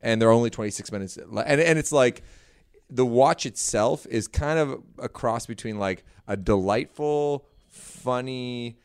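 A man's voice: medium pitch, unhurried, a little mellow, clear, resonant tone, no room sound, studio quality. A man in his thirties, co-hosting a podcast, speaking in an easygoing, self-deprecating manner. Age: 30s. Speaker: podcast co-host. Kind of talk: casual chat.

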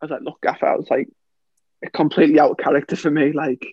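Lad chatting on a podcast, a bit high voice, dry dull sound, keeps laughing and doing the other guys' lines. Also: male voice, level tone, fast, husky, no echo. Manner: chatty storyteller, laughs often, acts out quoted lines. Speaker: former footballer guest. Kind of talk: casual podcast chat.

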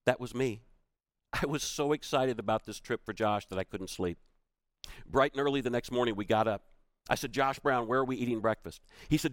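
A man's voice: mid-range voice, a little fast, no echo. A middle-aged man giving a storytelling keynote talk, acting out the quoted voices of the people in his story. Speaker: keynote speaker.

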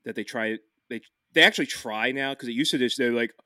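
A man, hosting a casual podcast. He talks in a loose, rambling way, swearing often and restarting his sentences. His voice sits at a middle pitch and sounds dry and close. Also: brisk, sharp tone, smooth, no echo. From Philadelphia, USA. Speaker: podcast host.

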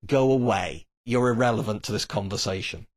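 A man's voice: lowish voice, brisk. A man giving a blunt, opinionated monologue about a TV series, with dismissive asides. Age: adult, grew up reading Tolkien. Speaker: TV series commentator.

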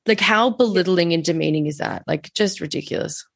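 Indignant woman host, slightly low pitch, dry close sound, emphatic interview manner. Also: brisk, gravelly, dry recording. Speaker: podcast host. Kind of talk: casual interview conversation.

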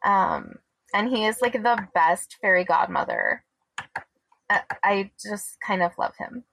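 A woman co-hosting a podcast in casual chat, unhurried and wry as she explains, with many fillers. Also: mid-range voice, huge pitch swings, vocal fry, a bit bright, husky, no room sound, poor audio. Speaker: podcast co-host.

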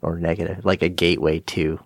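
A man hosting a podcast, asking reflective interview questions in a quick-talking way. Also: low voice, flat delivery, dry recording, studio quality. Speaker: podcast host.

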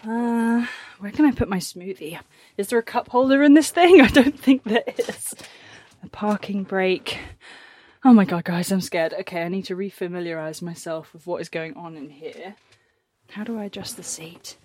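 A young woman chatting casually in a farm vlog, nervous and quick to laugh, talking from a tractor cab. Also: medium pitch, a little mellow, dry recording. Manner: chatty, nervous, laughs often, exclaims a lot. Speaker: farm vlogger. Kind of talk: casual vlog talk to camera.

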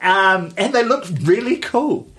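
Kiwi guy co-hosting a chatty podcast, bit high-pitched, lots of ums and restarts. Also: animated, unhurried, fairly bright tone. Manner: rambling, with many fillers and restarts. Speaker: podcast co-host. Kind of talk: casual chat.

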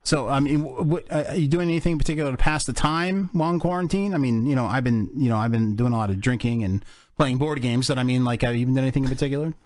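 A man's voice: mid-range voice, fast talker, a little mellow, dry recording. A man hosting a casual podcast, rambling with fillers and laughing a lot. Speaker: podcast host.

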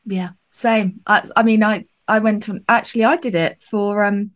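A woman's voice: mid-range voice, fairly even intonation, moderate pace. A woman hosting a casual chat, talking in a chatty, self-deprecating way.

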